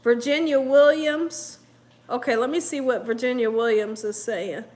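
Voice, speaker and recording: A woman's voice: fairly high pitch, a little slow, a little mellow. A woman hosting a live cooking stream in a casual, chatty way, laughing often and reading viewer comments aloud. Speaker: cooking show host.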